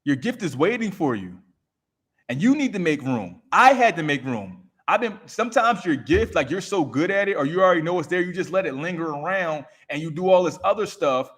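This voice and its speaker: A man's voice: a little high, very animated, a little fast, fairly bright tone. A man giving an emphatic, repetitive motivational coaching talk on a live stream, speaking into a microphone. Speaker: raw vegan coach.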